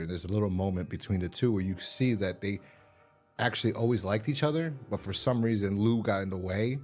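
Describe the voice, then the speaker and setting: Podcast host, man, low voice, loose profane chat, faint music under. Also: fairly quick, a little mellow. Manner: rambling, profane, acts out quotes in a higher voice. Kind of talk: casual review chat.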